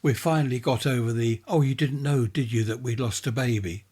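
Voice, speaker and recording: A man reading a ghost story aloud, voicing a gentle, talkative middle-aged woman who rambles and sighs. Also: mid-range voice, brisk, husky, pitched above the performer's own voice, lightly acted. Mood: chatty, sorrowful. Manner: warm, rambling, sighing.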